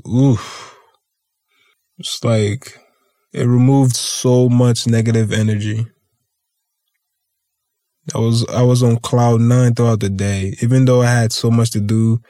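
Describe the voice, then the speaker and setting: A man's voice: lowish voice, warm tone, no echo, studio quality. A man hosting a podcast, telling stories in a loose, rambling way, swearing freely and laughing often. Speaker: podcast host. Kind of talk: casual storytelling chat.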